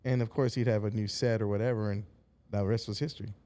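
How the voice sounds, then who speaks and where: A middle-aged man from San Antonio, a comedian guest on a talk show. He has a mellow, warm voice and tells laid-back stories, acting out the other people's lines as he goes. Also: fairly low pitch, steady tone, fast talker. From San Antonio, Texas. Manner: laid-back storyteller who acts out voices in anecdotes. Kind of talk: casual chat, storytelling.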